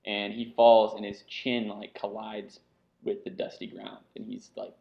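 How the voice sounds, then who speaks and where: A man's voice: fairly low pitch, level tone, measured pace, vocal fry, dark tone, muffled recording. A man narrating as game master, telling the action loosely with many fillers and asides.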